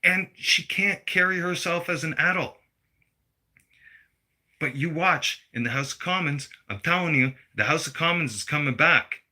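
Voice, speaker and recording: A man, ranting bluntly and heatedly, swearing freely. His voice is sharp and forceful, sitting a bit higher than most men's. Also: animated, normal speed. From Canada. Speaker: vlogger. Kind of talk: profane political rant.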